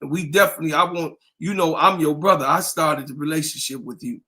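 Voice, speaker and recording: A man co-hosting a sports talk stream, pitched a little higher than most men. He talks casually and hypes the audience, piling up repeated shout-outs and calls to subscribe. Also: fast. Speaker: podcast co-host. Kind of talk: casual livestream chat.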